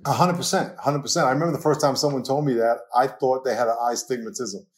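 An older man with a New York accent talks as a guest on a podcast, a pastor who tells stories with lots of life. He laughs easily and slips into little acted quotes. His pitch sits in an ordinary middle range for a man. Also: fast talker. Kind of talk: conversational podcast interview.

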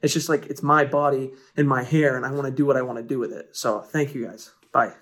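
Young male caller in his twenties, earnest and halting, mid pitch. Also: steady tone, a bit bright. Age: 20s. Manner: earnest, hesitant with fillers. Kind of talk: recorded listener question.

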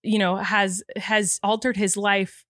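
A woman co-hosting a podcast in casual chat, tearful and emotional, talking quickly and animatedly with laughter breaking in. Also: medium pitch, no echo, studio quality. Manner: rapid, animated talk broken by laughs. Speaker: podcast co-host.

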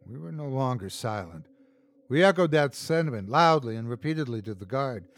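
A man reading a horror story aloud as host and narrator, tense and dramatic, shouting out the characters' lines. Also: medium pitch, expressive, brisk.

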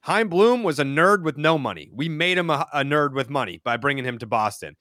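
A man's voice: on the high side, animated, a little fast, pushed and bright, no echo. A man in his thirties, a podcast guest in casual chat, rambling and leaning on filler words. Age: 30s. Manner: rambling, heavy use of "like" filler.

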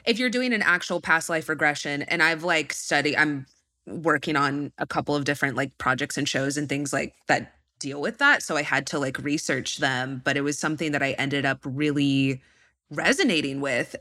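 Low-pitched woman with a bright, forceful voice. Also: moderate pace. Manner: chatty, laughs often, trails off mid-sentence. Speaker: podcast guest. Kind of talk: casual chat.

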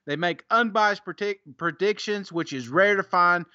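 Bright-voiced man reading listener reviews. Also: high-pitched, normal speed, no room sound, lo-fi sound. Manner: laughs often, teasing. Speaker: podcast co-host. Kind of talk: casual podcast chat, reading listener reviews.

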